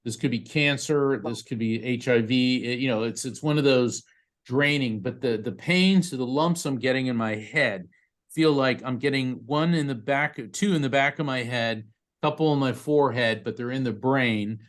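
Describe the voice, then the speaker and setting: Speaking in a mid-range voice, a male psychic medium does a live video-call reading for a parent in mourning. He chats along haltingly, stumbling over fillers and starting sentences over.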